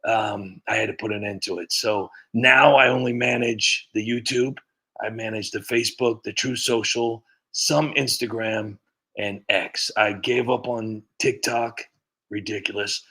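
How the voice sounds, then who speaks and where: A man's voice: on the low side, steady tone, measured pace, pushed and bright, breathy edge. A man hosting a casual livestream, rambling and chuckling often while thanking viewers, talking close to a computer mic. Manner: rambling, chuckling, self-mocking. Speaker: livestream host and impressionist.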